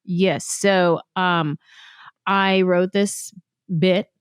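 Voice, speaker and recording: A woman comedian from San Jose, California, telling stories in a casual interview and acting out quoted lines with lively energy. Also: lowish voice, clean tone, no echo, clean studio sound. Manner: animated, fast storyteller who acts out quotes. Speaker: comedian guest.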